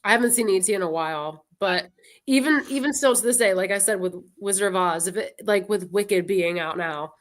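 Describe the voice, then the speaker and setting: Female co-host, mid-range voice, warm-hearted chatter. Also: medium pitch. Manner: earnest and chatty, quick to laugh. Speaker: guest co-host. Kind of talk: casual chat.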